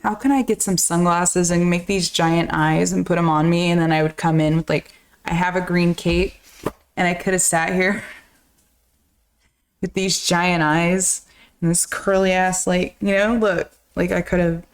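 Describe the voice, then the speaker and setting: A woman co-hosting a casual live-stream chat, excitable and quick to chime in with jokes. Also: fairly low pitch, clear, resonant tone. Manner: excitable, chiming in and joking. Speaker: co-host.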